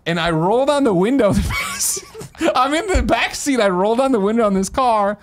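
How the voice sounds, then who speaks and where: A man's voice: extremely high pitch, wildly swooping pitch, measured pace, a little hiss or hum. A man in his thirties from the American Midwest, a podcast host telling a comic story with lots of laughing and swearing.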